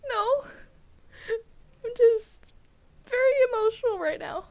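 A woman voicing a hot-headed female angel prosecutor in a casual game role-play, shrill, accusing and overwrought. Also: a little slow, gravelly, a little mellow, heavily acted.

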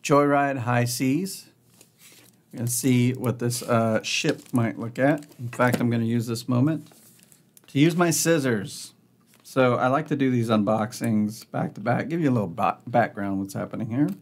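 A man's voice: mid-range voice, moderate pace. A man hosting a board game channel, giving casual, upbeat unboxing commentary and thinking aloud as he goes.

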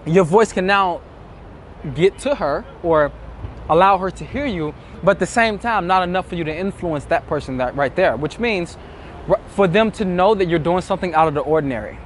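A man's voice: high voice, expressive, normal speed, a little hiss or hum. A man talking as a dating coach, emphatic and acting out the inner thoughts of nervous men. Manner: emphatic, acts out inner thoughts in quoted asides. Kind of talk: motivational talk to camera.

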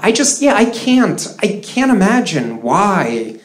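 A man from Russia doing stand-up on a live stage, his dry, sarcastic lines swinging up and down in pitch. The sound is roomy and echoey, with steady crowd noise and clicks from the venue behind him. It is a live comedy recording. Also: slow.

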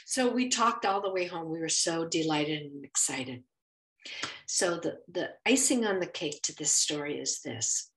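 A middle-aged woman and Bible teacher telling a personal faith story, expressive and acting out what people said. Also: low voice, measured pace, recorded from a distance. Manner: expressive, acts out quoted speech. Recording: roomy echo, faint music.

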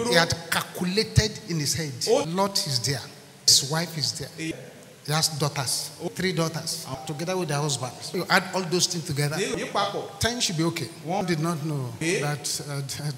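A man's voice: high-pitched, pushed and bright. A man preaching a sermon as pastor, acting out dialogue and breaking into song. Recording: echoey hall with music behind.

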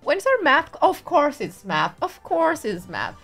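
Giggly young woman streamer, lively pitch. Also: unhurried, faint music behind. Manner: giggly, frequent laughter, playful. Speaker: VTuber streamer. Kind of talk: casual game commentary, reading dialogue aloud.

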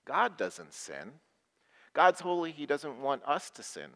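A man's voice: medium pitch, huge pitch swings, measured pace, gravelly, bright, forceful tone. A man preaching as pastor to people in the room and at home, asking them questions and leading short call-and-response prayers. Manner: leads call-and-response prayers, repeating phrases. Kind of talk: sermon to a live and online congregation. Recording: long hall reverb.

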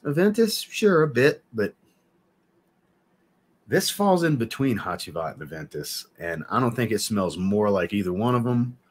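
Husky low-voiced man chatting on a live stream. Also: very animated, normal speed. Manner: chatty, enthusiastic, reads out chat names. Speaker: livestream host reading viewer comments. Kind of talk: casual livestream chat.

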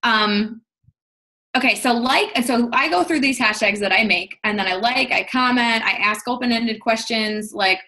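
A woman's voice: fairly high pitch, moderate pace, sharp tone. A young adult woman, a fitness coach, talking casually on a team call in a chatty, upbeat way with many fillers.

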